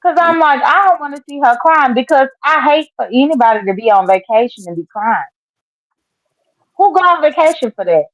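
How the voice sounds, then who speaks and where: A woman's voice: sits high, expressive, moderate pace, no room sound, poor audio. A woman guest on a livestream chat, heated and outspoken, swearing freely.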